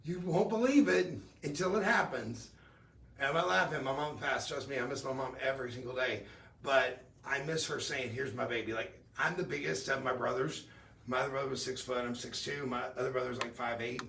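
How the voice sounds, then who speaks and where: A man's voice: medium pitch, fairly quick, gravelly, fairly bright tone, roomy sound, distant mic. A middle-aged man hosting a live jewelry sales stream, chatty and upbeat, weaving in personal stories. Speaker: shopping channel host.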